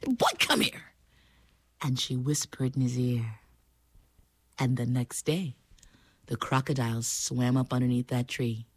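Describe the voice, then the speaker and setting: A woman telling a folk tale aloud, animated and playful, with sound effects and asides. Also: rumbling low, unhurried, pauses often. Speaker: storyteller. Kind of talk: oral storytelling performance.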